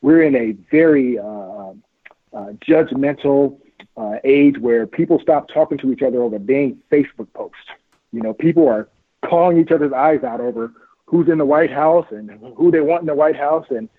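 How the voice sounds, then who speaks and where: Over a dry, phone-line recording, a man with a mid-range voice is interviewed as a street outreach worker. At a moderate pace he speaks fervently and preachily, repeating his points emphatically and laughing often.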